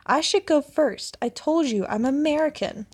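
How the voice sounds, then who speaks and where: A woman doing a shrill entitled mother. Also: expressive, normal speed. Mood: demanding. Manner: indignant yelling. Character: pushy entitled middle-aged mother, shrill and demanding.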